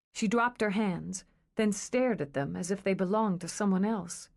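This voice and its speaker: A woman narrating an audiobook in a measured, storytelling manner. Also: mid-range voice, a little mellow.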